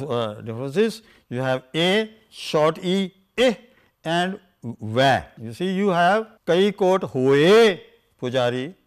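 Older male scholar, somewhat high-pitched; unscripted, halting lecture, chants quotations slowly. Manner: halting, many "uh" and "you see", chants quoted verses slowly. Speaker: scholar lecturing on scripture language.

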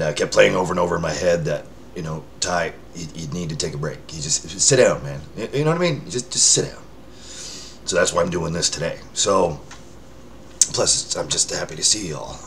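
A deep-voiced man, a vlogger checking in with his followers, rambles casually to the camera from indoors under a lamp near a window. He pokes fun at himself, using filler words and restarting sentences, and his tone is fairly bright. There's a little hiss or hum in the audio.

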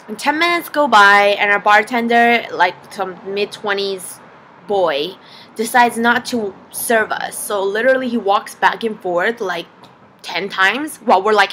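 A young adult woman vlogging, telling a story in a casual, animated way, laughing often and saying "like" a lot. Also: medium pitch, unhurried.

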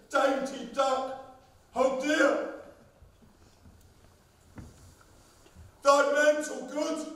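An actor playing an overblown, lovesick stage hero on a theatre stage, declaiming in mock-tragic style. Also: male voice, very high-pitched, full character voice. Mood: mock-heroic. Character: Pyramus, a lovesick young hero played by a clumsy craftsman. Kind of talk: amateur stage acting. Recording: echoey hall from far off.

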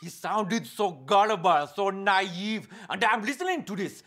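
An eccentric male psychic, rattling off broken English in an excitable, crude patter. His voice is high, bright, and wildly swinging in pitch. He sounds like a showman trying to hypnotize his audience. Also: unhurried, full character voice. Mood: manic. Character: eccentric male spoon-bending psychic impression.

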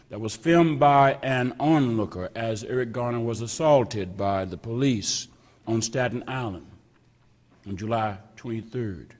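Slow, emphatic preacher in a reverberant church. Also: male voice, on the low side, a little mellow. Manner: slow, emphatic preaching with drawn-out repetitions and dropping to a whisper. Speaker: pastor. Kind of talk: sermon. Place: church sanctuary. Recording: long reverb of a church hall.

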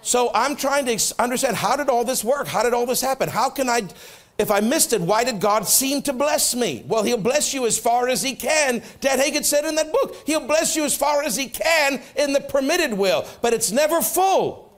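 Animated, high-voiced preaching man. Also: normal speed. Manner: animated storytelling, acts out prayers and dialogue, drops soft for quotes. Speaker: pastor. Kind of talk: sermon. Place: church sanctuary.

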